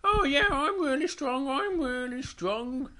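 A small bear cub squeaks along in an eager, polite, storybook voice, as a father acts him out. His voice jumps high and all over the place. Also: lively intonation, measured pace, sharp tone, heavily acted. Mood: excited.

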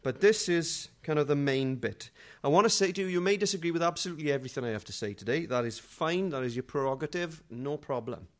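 A middle-aged man preaching a sermon in a conversational, humorous way, moving between quiet asides and loud dramatic readings. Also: a little high, fast, few pauses.

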